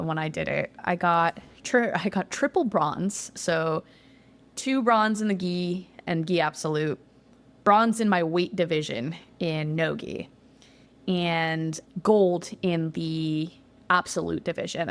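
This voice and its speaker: A young woman with a slightly low voice tells the story of her competitions in a relaxed interview. She talks in a loose, chatty way, sprinkling in "like" and swearing now and then when she gets excited. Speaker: guest, jiu-jitsu competitor.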